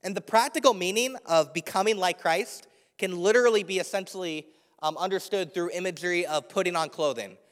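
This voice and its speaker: A young male preacher with a notably high voice tells stories from the pulpit in a lively, conversational way. His words ring out with the long reverb of a large church hall. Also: a little fast. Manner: animated, chatty storytelling with frequent laughs. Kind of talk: sermon with personal story. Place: church sanctuary.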